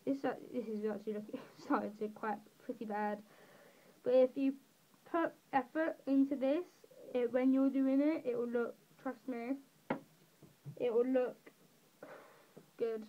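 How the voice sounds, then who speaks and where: Giggly rambling English girl, slow-paced. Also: high voice, dull audio. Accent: English, southeast England. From England. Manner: rambling, self-deprecating, giggly asides. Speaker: drawing tutorial creator. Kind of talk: casual voice-over while colouring.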